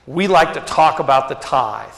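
Animated preacher with gravelly voice. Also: male voice, on the high side, moderate pace. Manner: animated preaching, rhetorical questions, voice dropping to quiet emphasis. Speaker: pastor. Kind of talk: sermon. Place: church sanctuary. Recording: echoey hall reverb.

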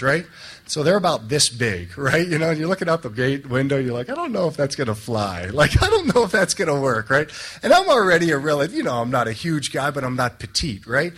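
A young man, a Catholic priest, giving a sermon full of jokes and stories, acting out the voices of the people in them. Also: on the high side. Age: young adult. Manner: animated, joking, acts out voices in his stories. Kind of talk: storytelling sermon.

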